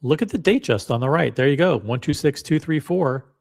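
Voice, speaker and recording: A watch channel host gives casual screen-share commentary, browsing and reading listings with wry musing. His voice is a little high, gravelly, and darkish in tone, expressive and fairly quick.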